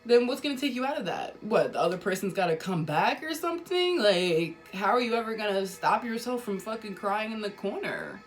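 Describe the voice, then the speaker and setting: A woman's voice: mid-range voice, big pitch swings, a little fast, few pauses, faint music behind. A woman talking casually about spirituality to her viewers, emphatic and repetitive, swearing now and then. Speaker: spiritual vlogger.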